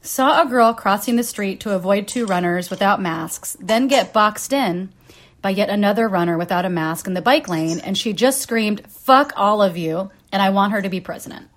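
A woman's voice: mid-range voice, moderate pace. Laughing, candid woman podcaster. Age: 30s. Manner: candid storytelling with frequent likes and laughs. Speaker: podcast host. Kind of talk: casual podcast chat.

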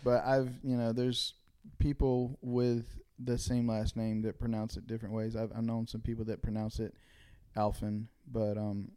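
A man being interviewed as a songwriter guest, soft-spoken and hesitant, often repeating his words. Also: mid-range voice, flat delivery, normal speed, hardly any pauses, clean tone. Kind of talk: casual interview chat.

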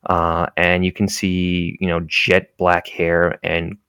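A man narrating a tabletop game as game master, describing scenes in an unhurried way with many fillers. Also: sits low, completely flat delivery, a bit bright, clear, resonant tone, no echo. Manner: unhurried, descriptive, full of fillers like "you know".

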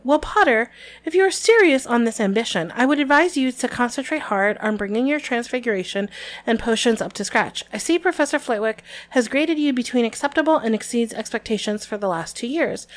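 A severe older professor, brisk and dry, with her patience wearing thin, read aloud by a woman on a podcast. The voice sits fairly high, and each line comes out crisp and clipped, as if through tightly gritted teeth. It is an unhurried, icy read-aloud. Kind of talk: reading a novel aloud on a podcast.

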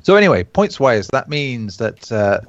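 A man's voice: mid-range voice, big pitch swings, moderate pace, no room sound, muffled recording. A man hosting a casual gaming podcast, joking, laughing and swearing a lot. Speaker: podcast host.

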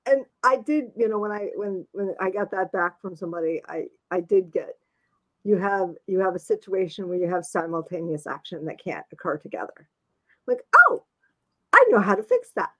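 A woman's voice: lowish voice, normal speed. A woman author chatting casually, talkative and self-deprecating, laughing often. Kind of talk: casual chat.

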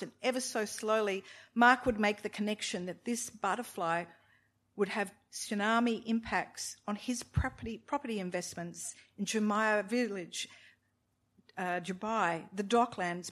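A woman reading a novel aloud in a measured, expressive storytelling manner, with occasional asides to her listeners. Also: medium pitch. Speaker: reader of a novel.

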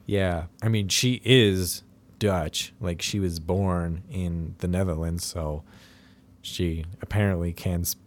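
A man's voice: sits low, fairly even intonation, takes it slowly. A man co-hosting a podcast, casually talking through a film with many fillers and restarts. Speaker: podcast co-host.

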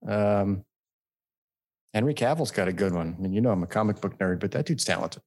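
A man from the United States in casual chat, telling animated stories and mimicking voices. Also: on the low side, brisk, slight background noise.

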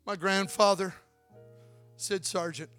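Man, high voice, preacher, storytelling sermon that swells into shouting, faint music underneath. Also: steady tone, slow pace.

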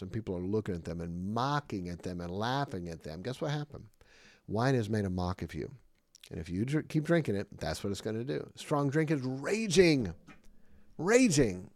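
A man's voice: on the low side, a little mellow, no room sound. Emphatic preaching man, dry close sound. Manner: emphatic, with rhetorical questions and repetition. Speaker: podcast preacher and jail Bible teacher. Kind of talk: Bible lesson, sermon-like.

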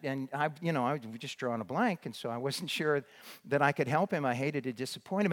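An older man, a former missionary, telling a story in a rambling way with many restarts and fillers. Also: mid-range voice. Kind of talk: storytelling talk.

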